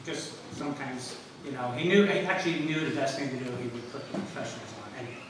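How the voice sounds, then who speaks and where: A man's voice: medium pitch, fast talker. A former jockey giving a rambling, anecdotal memorial speech, laughing through his stories. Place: memorial service venue. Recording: echoey hall, mic from far off, noisy.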